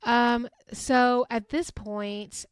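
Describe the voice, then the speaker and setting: A woman in her thirties, hosting a podcast and retelling events in a chatty, animated way, full of fillers. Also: on the high side, very slow, clear, resonant tone, no room sound, studio quality. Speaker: podcast host. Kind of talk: casual recap chat.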